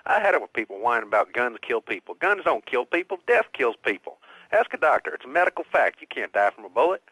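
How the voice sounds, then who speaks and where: A man's voice: medium pitch, sing-song, fast, pushed and bright, husky, no echo, heavily acted, low-quality recording. An actor playing a gun-obsessed male caller who rambles confidently about guns. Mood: blustering. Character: gun-loving male caller, bluntly self-assured.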